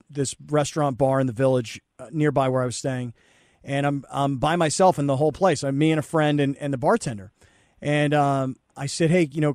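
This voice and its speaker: A man hosts a sports podcast with a relaxed, conversational manner and a somewhat high voice. His voice is dry and close, with no room in it. He trades stories easily with his guest. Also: dry recording. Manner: relaxed and conversational, telling a personal anecdote. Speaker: podcast host. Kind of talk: casual interview chat.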